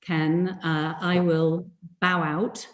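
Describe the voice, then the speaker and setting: A woman hosting a talk event, speaking in a measured, formal way. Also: lowish voice, little pitch movement. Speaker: host. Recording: roomy echo.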